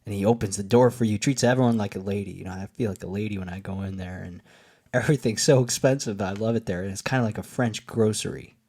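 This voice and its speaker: A man's voice: on the low side, fast, darkish tone. A man hosting a solo podcast, talking in a loose, meandering way with many fillers and restarts, a little tipsy from wine. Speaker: podcast host. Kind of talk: rambling solo podcast monologue.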